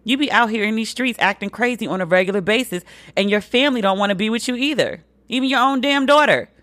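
A woman hosts a solo commentary podcast. She is blunt and profane, and her voice jumps high when she makes a point. The sound is dry and close to the mic. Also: fast talker, no room sound. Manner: animated, swings pitch high for emphasis. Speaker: podcast host.

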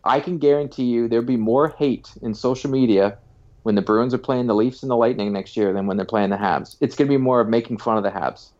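An opinionated man co-hosts a podcast, trading jokes in easygoing talk. His voice sits mid-pitch, and the recording is slightly dull and lo-fi. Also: brisk, a little mellow. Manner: opinionated, joking. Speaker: podcast co-host. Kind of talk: casual chat.

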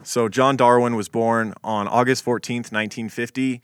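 A man co-hosts a podcast in a loose, rambling chat full of fillers. His medium-pitched voice is steady, clear and resonant, moving at a moderate pace. The recording is dry and studio quality.

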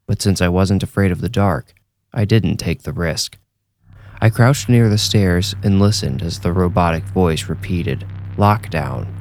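A man reading a scripted horror story aloud in a measured, hushed storytelling manner. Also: sits low. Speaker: horror story narrator and host.

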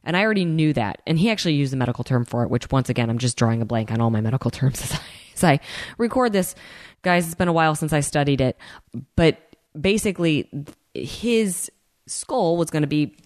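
A woman telling her own story in a casual, animated way, acting out the people she quotes and speaking straight to her listeners. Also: low voice, fairly quick, dry recording, studio quality. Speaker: host telling a personal story.

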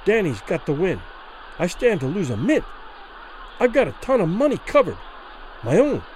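Man playing crooked promoter, harsh, low, pushy, lifted pitch, audiobook. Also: huge pitch swings, normal speed, a little mellow, a little hiss or hum, rough recording. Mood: harsh urging. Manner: harsh, low, pleading then demanding.

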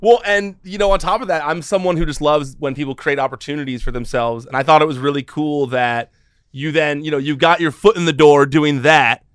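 A man's voice: fairly high pitch, steady tone, brisk, clean tone, dry recording, clean studio sound. A man hosting a podcast, chatting in a friendly, enthusiastic way with casual slang. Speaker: podcast host. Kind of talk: casual interview chat.

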